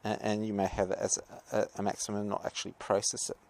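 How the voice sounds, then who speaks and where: A man's voice: lowish voice, completely flat delivery, fast, a little mellow. A male teacher giving a podcast lecture. He reads passages and comments on them in a rambling, hesitant way, with many fillers and asides.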